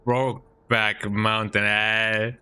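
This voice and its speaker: A man's voice: fairly low pitch, level tone, slow, sharp tone, clean tone. A man streaming a video game, rambling and joking in casual commentary, with lots of "eh?" and "you know".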